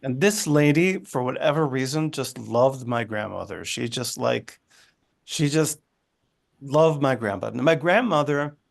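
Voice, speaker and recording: Gravelly man telling a story. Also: mid-range voice. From United States. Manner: halting, with frequent restarts and asides. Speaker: guest. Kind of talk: conversational storytelling. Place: his living room.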